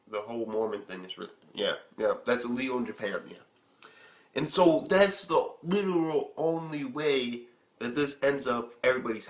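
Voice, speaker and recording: Young guy ranting about an anime ep, kinda high voice, cussing and rambling all over. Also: reverberant. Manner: excitable, profane, rambling. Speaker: anime reviewer. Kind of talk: casual video review.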